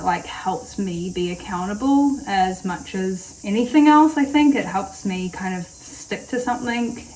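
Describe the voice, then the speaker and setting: A woman's voice: medium pitch, a little hiss or hum, low-quality recording. A woman, chatting casually to camera in a rambling vlog. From New Zealand. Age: late 20s. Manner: rambling, chatty, with frequent fillers. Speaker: vlogger.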